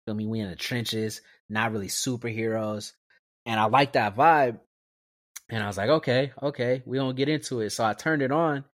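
A man co-hosting a podcast in casual chat, telling his story in an animated, slangy way and laughing often. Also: medium pitch, no echo, clean studio sound. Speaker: podcast co-host.

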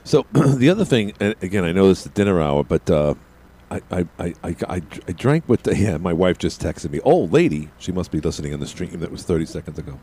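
A man's voice: deep voice, very animated, a little fast, dark tone, slight background noise. A middle-aged man hosting a call-in radio show, rambling along and often stammering and repeating his words. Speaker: radio talk show host.

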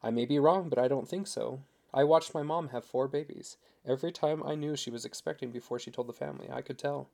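A man doing an earnest young husband, dark gravelly voice, talks him through soft and sure. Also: medium pitch, a little fast, hardly any pauses, lightly acted. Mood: tender. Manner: earnest, gently persuasive. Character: devoted young husband, warm and confident.

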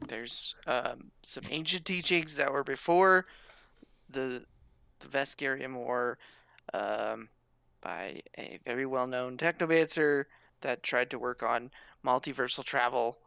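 A man speaking earnestly in character at a tabletop game, thoughtful and deliberate. He talks very slowly in a gravelly voice, and the sound is crisp and bright. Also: mid-range voice, no echo.

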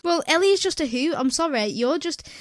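A woman's voice: sits high, lively intonation, a little fast, no room sound, clean studio sound. A young woman co-hosting a podcast, chatting casually in a brash, teasing way with plenty of swearing. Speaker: podcast co-host. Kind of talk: casual chat.

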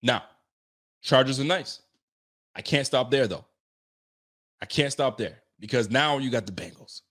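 A male streamer chats about football in a loose, casual broadcast, reading viewer messages aloud with fast slangy talk, swearing, laughter and excitement. His pitch is medium.

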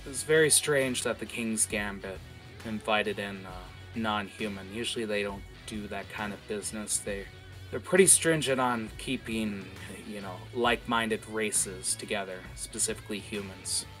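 A man voicing a weary, gruff male guild leader who mutters and speaks grudgingly. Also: fairly low pitch, normal speed, fairly bright tone, soft background music, lightly acted.

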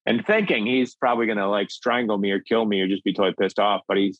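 Low-voiced middle-aged comic storyteller from Minnesota, dry muffled call sound. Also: male voice, quick pace, dry recording. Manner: acts out voices in his anecdotes, excitable. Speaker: guest, comedic actor and filmmaker. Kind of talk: animated storytelling. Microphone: video call.

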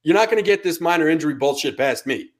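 A man's voice: fairly high pitch, animated, fast talker. Ranting profane male podcast co-host. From Connecticut, USA. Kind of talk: casual sports chat.

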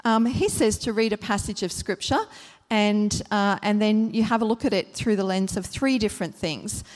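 A woman of mid pitch gives a church teaching talk in a calm, explanatory way, often pausing on um and uh. She leans on repeated phrases to stress each word in turn. Her voice carries a long hall reverb. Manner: gentle, explanatory, many ums and uhs.

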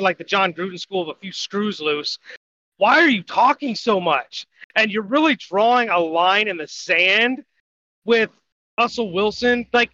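High, bright-voiced opinionated male co-host. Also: no echo, lo-fi sound. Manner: opinionated, exasperated questions. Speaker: podcast co-host. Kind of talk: casual sports chat.

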